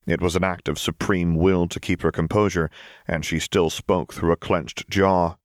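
A man narrating a story in an even, measured audiobook style. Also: sits low, dry recording, clean studio sound. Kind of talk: audiobook narration of fan fiction.

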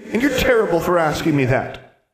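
A man reading an audiobook, voicing a spoiled, smug little ghost girl in a high, petulant childish tone. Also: sing-song, fairly quick, reverberant, noisy background. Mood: tearful, indignant.

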